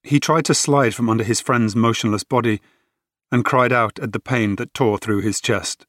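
A man narrating an audiobook in a measured, dramatic way. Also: mid-range voice, steady tone, a bit bright, no room sound, studio quality.

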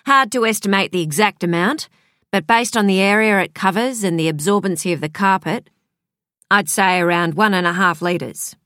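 A woman reading an audiobook, voicing a male crime scene technician who talks in a plain, measured, factual way. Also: high voice, bright, forceful tone, no echo, studio quality. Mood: matter-of-fact. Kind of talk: audiobook character voice.

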